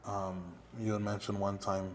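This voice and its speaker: A man's voice: lowish voice, monotone, moderate pace, slight background noise. A man asking interview questions in a hesitant way, with fillers.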